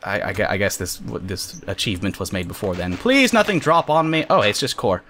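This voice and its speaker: An excitable man narrating his game with a bright, forceful tone and a pitch that leaps all over the place. He jokes around and yelps at sudden moments. A faint hiss of noise runs under the recording. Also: fairly quick. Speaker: gamer host. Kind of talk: casual let's-play commentary.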